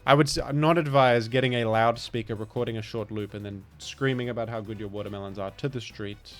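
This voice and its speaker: A man's voice: on the low side, fairly even intonation, brisk, faint music behind. A man with a British accent commenting live on a game he is playing, rambling in a playful, mock-grandiose way. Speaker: streamer.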